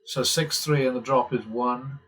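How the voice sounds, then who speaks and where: A blackjack strategy channel host plays simulated hands and comments casually, muttering his calculations with wry asides and the occasional swear. His medium-pitched voice is steady and a bit bright, his pace measured, and the audio quality is poor.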